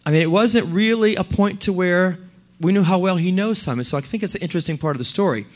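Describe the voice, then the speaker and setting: A male pastor preaching, with a slightly raised pitch. He tells stories in an animated, emphatic way. He speaks directly to a congregation. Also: fast talker. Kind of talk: sermon.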